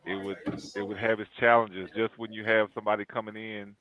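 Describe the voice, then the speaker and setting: Laid-back low-voiced man, muffled. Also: level tone, brisk, a crowd in the background. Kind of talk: casual chat. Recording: dull lo-fi audio.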